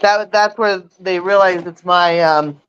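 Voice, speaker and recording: A woman's voice: on the low side, fairly even intonation, a little slow, clean tone, no echo, muffled recording. A woman guest telling her story in casual chat, rambling with many false starts.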